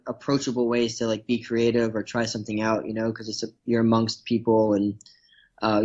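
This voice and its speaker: A man chatting casually as a podcast guest, rambling and filling pauses with "like" as he goes. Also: medium pitch, a little mellow, slightly rough, dull audio. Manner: rambling, lots of fillers. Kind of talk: casual chat.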